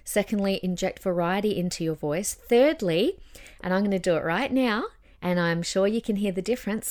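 A young woman talks through a casual advice podcast in an encouraging, upbeat way. She keeps demonstrating changes in her own voice as she goes, at a middling pitch. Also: expressive, normal speed, a little mellow. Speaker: podcast host and voice coach.

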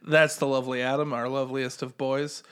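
A man's voice: medium pitch, little pitch movement, fairly quick, background noise. A man co-hosting a podcast in goofy, casual chat, giggling often and slipping into mock-grandiose boasts. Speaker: podcast co-host.

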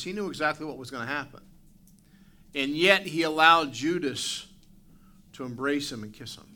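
Bright-voiced male pastor preaching. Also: mid-range voice. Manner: animated preaching, acts out barking dog and asides to the congregation. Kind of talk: sermon. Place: church sanctuary.

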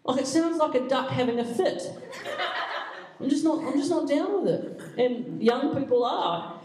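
A man's voice: very high voice, lively intonation, normal speed, darkish tone, slight background noise. A young man speaking as a youth pastor, telling comic, self-mocking stories to a youth audience. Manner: playful, self-mocking, jokey asides. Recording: echoey room, mic at a distance.

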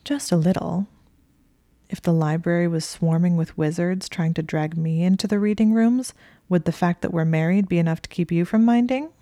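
A woman's voice: on the low side, steady tone, moderate pace, mellow, no room sound, studio quality, lightly acted. A woman voicing a flustered, jealous young witch in a story reading. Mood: tense. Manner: flustered, stammering.

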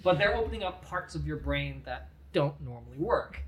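A man co-hosting a casual movie podcast, excitable and emphatic as he talks. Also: on the high side, normal speed, roomy sound, low-quality recording. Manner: excitable, emphatic, laughs easily. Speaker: podcast co-host. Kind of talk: casual chat about a movie.

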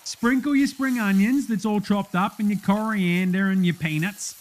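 A man's voice: sits high, normal speed, natural voice. A man playing a brash, blokey male Australian TV cooking host with an Australian accent, in a comedy cooking-show parody full of crude matey banter.

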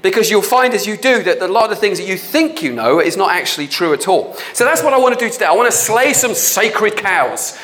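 A man preaching a sermon with a notably high voice. He speaks bluntly and with animation. He slips into quoted voices as he makes his points. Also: lively intonation, a little fast, few pauses, a bit bright.

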